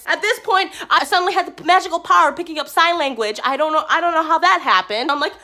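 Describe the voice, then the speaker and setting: Bright, lively high-voiced woman vlogger. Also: fast talker, hardly any pauses. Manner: animated, laughing often, acts out quoted lines. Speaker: travel vlogger. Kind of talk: casual storytelling.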